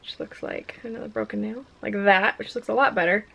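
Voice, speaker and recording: A woman's voice: medium pitch, fairly quick, gravelly, fairly bright tone, lo-fi sound, a little hiss or hum. A woman vlogging a casual makeup unboxing at home, gushing and exclaiming with frequent giggles. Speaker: beauty vlogger.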